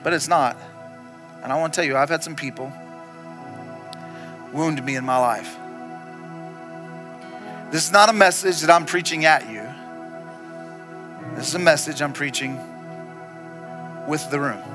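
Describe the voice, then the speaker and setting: A man preaching a sermon to a church hall, telling a story and often dropping into a soft, intense hush for emphasis. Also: a little high, a little slow, long pauses, over music. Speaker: pastor.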